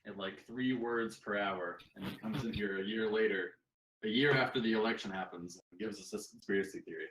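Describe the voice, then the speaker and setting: A man throws in sardonic jeers over voice chat, his bright, lowish voice ringing in a roomy, echoey space. He mocks more than he argues. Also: steady tone, a little fast, slight background noise. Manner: sardonic, jeering. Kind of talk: mocking side commentary.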